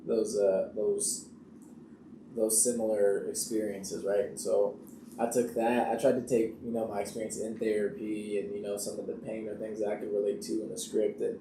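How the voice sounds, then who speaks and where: A young man, an actor, chatting casually in an interview and telling stories in an animated way with frequent laughter. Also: fairly low pitch, moderate pace, recorded from a distance. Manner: animated storyteller who laughs often and acts out quotes. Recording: roomy echo, off-mic, faint background hiss.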